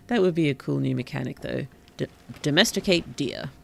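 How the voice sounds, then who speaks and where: Whimsical polite streamer, relaxed game commentary, strong vocal fry, soft whispered asides, mid pitch. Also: fairly quick. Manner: gentle, whimsical and polite, with puns; drops into soft whispers at times. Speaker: VTuber streamer and author.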